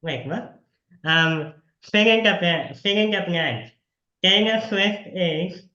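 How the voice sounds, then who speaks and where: A man hosts a casual interview over a video call, talking in a chatty, upbeat way and laughing easily. His voice sits a little high and sounds bright, while the call audio comes through echoey and dull. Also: takes it slowly.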